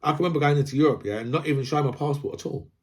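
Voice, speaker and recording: A man's voice: fairly high pitch, racing. A man from Britain, ranting casually about politics, rambling, repeating himself and asking "right?" again and again. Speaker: political commentator.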